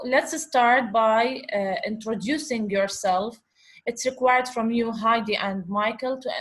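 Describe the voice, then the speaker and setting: A woman teaching a slow online lesson, patiently repeating and sounding out letters over a video call. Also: a little high, a bit bright. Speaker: Arabic teacher.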